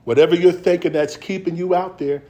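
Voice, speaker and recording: A middle-aged male preacher with a fairly high voice, delivering a sermon in a folksy, conversational way. He draws out scripture verses slowly, then speeds up into casual family stories and laughs easily as he tells them. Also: fairly even intonation, warm tone.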